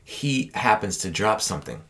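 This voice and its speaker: Low-voiced man telling a lively story. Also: moderate pace, gravelly. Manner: animated storyteller acting out quoted people. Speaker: podcast co-host. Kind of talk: casual storytelling chat.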